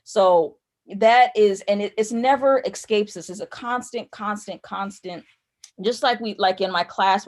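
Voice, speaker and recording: A woman teaching spiritual ideas in conversation, rambling and repeating phrases as she loses her thread. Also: fairly low pitch.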